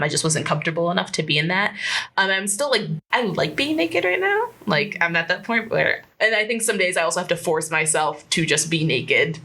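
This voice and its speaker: A woman's voice: deep voice, sharp tone. A woman co-hosting a podcast, talking hesitantly with many fillers in casual chat. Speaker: podcast co-host.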